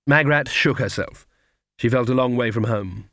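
A man narrating a fantasy novel at a measured, even storytelling pace. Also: medium pitch, no echo, studio quality. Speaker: audiobook reader. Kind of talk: scripted narration.

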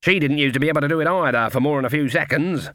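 A man's voice: on the high side, rapid-fire, dry recording, studio quality, close to an everyday voice. A man voicing a stern, commanding older witch who speaks bluntly in country grammar. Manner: loud, clipped, dialect grammar.

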